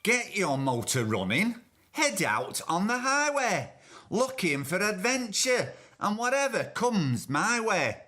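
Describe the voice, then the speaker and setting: Bright-voiced podcast host. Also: male voice, high-pitched, sing-song, slow. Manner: exasperated, chatty. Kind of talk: comic podcast chat.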